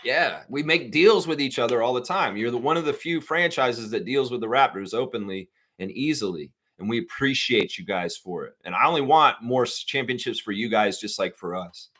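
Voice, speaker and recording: A man's voice: moderate pace, hardly any pauses. A man hosting a live sports fan stream, chatting casually, rambling and reading viewer comments aloud. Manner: gets loud and high-pitched when worked up. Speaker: sports fan livestream host. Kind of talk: casual live chat reacting to news.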